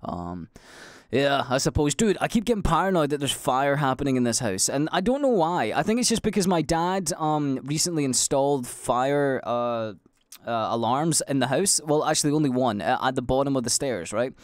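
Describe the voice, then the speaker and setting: A young Scottish man hosting a podcast, rambling through stories in casual chat, swearing a lot and acting out loud quotes. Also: medium pitch, normal speed, no room sound, studio quality. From Scotland. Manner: sweary, animated storytelling with loud acted-out quotes. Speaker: podcast host.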